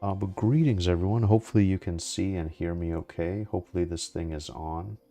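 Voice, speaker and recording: A young man talks his way through a game in a relaxed, rambling way, full of fillers and restarts. His voice sits low. Faint music plays behind him. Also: a little fast. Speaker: gaming streamer. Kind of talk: casual gameplay commentary.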